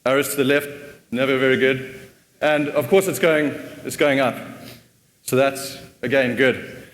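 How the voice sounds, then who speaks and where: A man's voice: mid-range voice, steady tone, a little slow. A man giving a casual conference talk, often repeating words as he thinks. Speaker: conference speaker. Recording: long hall reverb.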